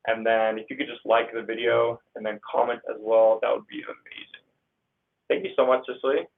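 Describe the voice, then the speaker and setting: A young man from Northern California hosting a casual livestream, reading out viewer comments in an upbeat, slangy way. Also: mid-range voice. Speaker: livestream host. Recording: tinny phone-like audio.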